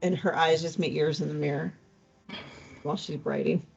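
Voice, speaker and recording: A woman's voice: low voice, fairly even intonation, moderate pace, vocal fry, darkish tone, breathy edge. Casual woman narrating a tabletop game. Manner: casual, thinking aloud. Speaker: tabletop role-player. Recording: dull lo-fi recording with faint music.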